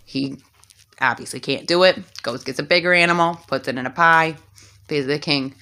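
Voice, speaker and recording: A woman's voice: deep voice, normal speed, bright, forceful tone, clean tone. A woman telling a comic story with sassy, slangy asides. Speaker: comedic storyteller.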